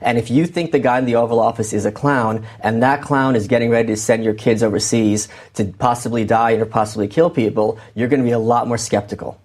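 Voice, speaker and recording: A male author as a guest in an interview, talking in an animated way and acting out quotes as he tells stories. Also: medium pitch. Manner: animated, quick storytelling with acted-out quotes. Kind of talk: interview conversation.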